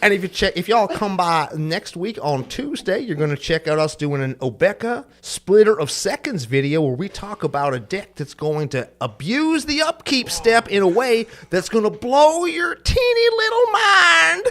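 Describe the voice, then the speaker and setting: A folksy cowboy of the old pictures drawls his way through the lines, stretching his words with y'all and plenty of swagger, as a man on a chat show puts him on. The voice sits higher than a cowboy ought to and swings up and down as it goes. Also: big pitch swings, normal speed, few pauses, a bit bright, exaggerated voice. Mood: hammy.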